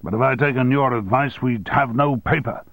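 A man reading an audiobook and voicing a blustering, domineering male newspaper owner who talks loudly and impatiently. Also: normal speed, no room sound. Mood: forceful. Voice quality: loud, booming. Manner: bullying, impatient.

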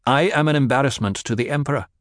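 A man plays an imperious young duke heir who talks down to his elders in a forceful, cold voice. The audiobook sound is dry and close, with no room around it. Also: mid-range voice, very fast, dry recording, pitched above the performer's own voice, natural voice. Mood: commanding.

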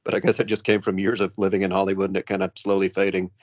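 A man's voice: low voice, completely flat delivery, very fast, no echo, muffled recording. A man chatting casually about a movie on a podcast in a laid-back, swearing way. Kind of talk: casual movie review chat.

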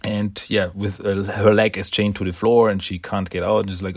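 Guy rambling excitedly about a comic, laughs a lot, low husky voice, dry mic. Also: normal speed, hardly any pauses, no room sound. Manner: enthusiastic, rambling, laughs often, restarts words. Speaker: comic book reviewer. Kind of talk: casual comic recap.

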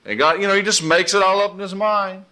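Folksy male preacher, slightly high, bright and punchy voice, animated. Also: quick pace. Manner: folksy, animated, laughs often. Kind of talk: informal sermon.

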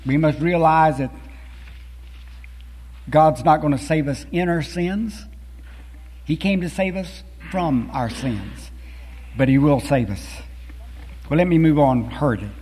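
A man's voice: on the high side, lively intonation, slow pace, pauses often, a little mellow, slightly rough. A man preaching a sermon, reading scripture and poetry with earnest rising and falling emphasis. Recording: long hall reverb.

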